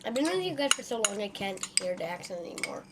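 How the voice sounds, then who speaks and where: A woman's voice: medium pitch, big pitch swings, fast talker, heavy background noise. Musing woman repeating her point. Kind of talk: casual mukbang chat. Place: home dining table.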